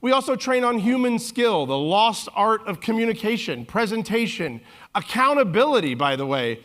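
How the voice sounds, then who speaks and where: A man in his forties speaks from a conference stage in an animated, joking keynote style. His voice sits a bit high for a man, and he slips into little character voices whenever he quotes someone. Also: moderate pace. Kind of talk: humorous keynote storytelling.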